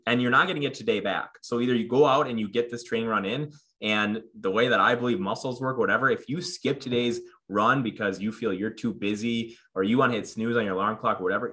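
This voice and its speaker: A man's voice: medium pitch, a little fast, few pauses, sharp tone. A man in his thirties, a guest in a casual interview, talking earnestly with lots of fillers and restarts. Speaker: podcast guest.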